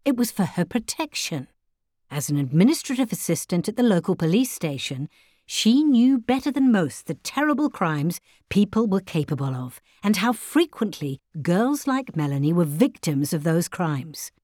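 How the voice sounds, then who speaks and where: Woman narrator, low, animated pitch, calm storytelling, dry close mic. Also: moderate pace, dry recording. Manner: calm, expressive.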